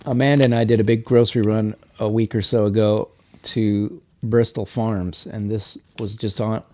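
A man's voice: on the low side, little pitch movement, moderate pace, dark tone. A man co-hosting a casual remote podcast, rambling and joking along with his partner. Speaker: podcast co-host.

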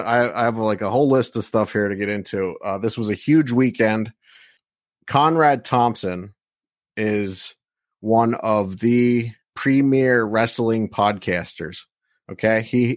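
A man's voice: lowish voice, no room sound, clean studio sound. A man co-hosting a casual wrestling podcast, talking in a rambling way with many restarts. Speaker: podcast co-host.

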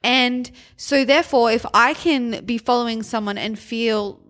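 An Australian woman co-hosting a podcast in casual, chatty talk, bubbly and quick to agree. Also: a little high, fairly bright tone. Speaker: podcast co-host.

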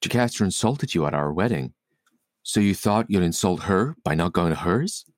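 A blunt young wife and mother, read by a man in his own voice. The lines come flat and deadpan, and the voice sits fairly low with a lively lilt in the pitch. It sounds like an informal table read. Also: moderate pace, no room sound, clean studio sound.

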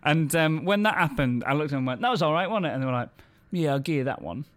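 Brief: English male comic, podcast co-host, lively anecdote teller, slightly high voice, laughs as he talks. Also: fast talker. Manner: animated storyteller, laughs through his stories, swears freely. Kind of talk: casual anecdote-telling chat.

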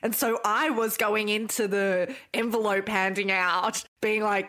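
Woman, podcast co-host, mid-pitched voice, chatty and earnest in casual talk. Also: steady tone, measured pace, few pauses, fairly bright tone. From Australia. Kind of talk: casual chat.

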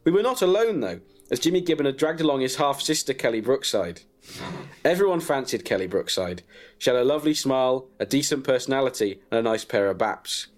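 A man narrating a comic story in a deadpan way, chuckling at his own jokes. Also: medium pitch, brisk. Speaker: comedian storyteller.

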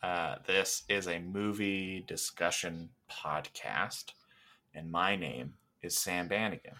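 A man's voice: sits low, slow pace, bright, forceful tone. A man co-hosting a movie podcast, chatting casually with a joking, sarcastic manner. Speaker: podcast co-host. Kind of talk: casual chat.

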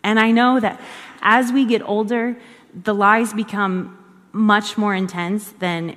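A woman's voice: mid-range voice, steady tone, takes it slowly, fairly bright tone. A woman giving a conversational devotional teaching in an earnest way, repeating phrases for emphasis. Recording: long hall reverb.

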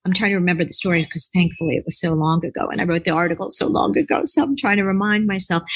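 Husky, low-pitched woman telling a rambling story. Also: no echo, poor audio. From United States. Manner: rambling, animated, acts out quoted voices. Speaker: author and relationship expert, podcast guest. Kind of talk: casual interview storytelling.

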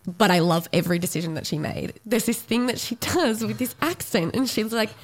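A woman's voice: mid-range voice, lively intonation, fairly quick, low-quality recording. A woman co-hosting a casual film chat, bubbly and giggly, with lots of likes and ums. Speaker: podcast co-host.

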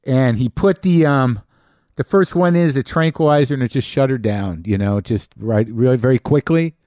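A middle-aged man, a podcast host, telling a personal story in a halting monologue full of restarts and fillers. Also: mid-range voice, darkish tone, no room sound, studio quality.

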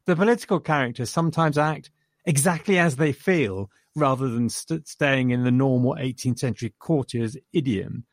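A man's voice: mid-range voice, normal speed, dry recording, studio quality. Chatty man reviewing a film. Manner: enthusiastic, chuckling retelling of scenes. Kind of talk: casual film discussion.

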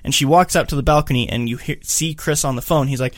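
A man co-hosting a casual film-discussion podcast, recapping scenes in an animated way. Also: medium pitch, fast talker, dry recording, studio quality. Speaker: podcast co-host.

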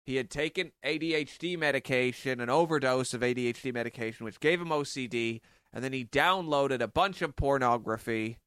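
A man co-hosting a podcast, recounting a story in a deadpan, sarcastic way. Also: mid-range voice, a little fast, few pauses, smooth, dry recording. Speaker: podcast co-host. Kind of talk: casual comedic chat.

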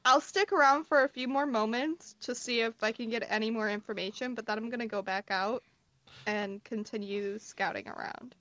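Slightly high woman player, dry close sound. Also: normal speed, fairly bright tone, no echo, highs cut off. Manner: hesitant, swears, reacts. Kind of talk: casual tabletop game play.

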